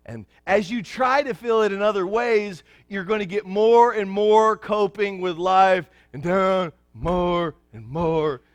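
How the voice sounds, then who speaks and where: Preacher guy, folksy, jokes around, goes quiet then hollers, higher voice, dry close sound. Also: slow, few pauses, dry recording, muffled recording. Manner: swings between hushed lows and excited shouting; folksy, joking with the congregation. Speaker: pastor. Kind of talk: sermon.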